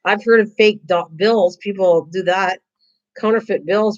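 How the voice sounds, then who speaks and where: Excitable, chatty woman craft streamer, mid-pitched, rambling, muffled lo-fi audio. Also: unhurried. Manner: excitable, rambling, repeats words. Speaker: craft livestream host. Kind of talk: casual chat reading viewer comments. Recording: dull lo-fi livestream audio.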